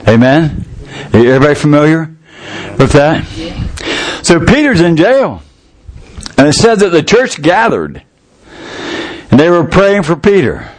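A man's voice: a little high, wildly swooping pitch, a little slow, long pauses. An older man preaching a sermon, retelling scripture in a folksy, colloquial way with rising fervor.

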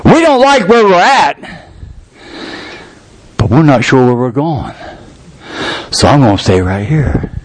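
A man preaching a sermon, telling a scripture story with lively, acted-out scenes. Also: fairly high pitch, slow, long pauses. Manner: animated storytelling, acting out scenes.

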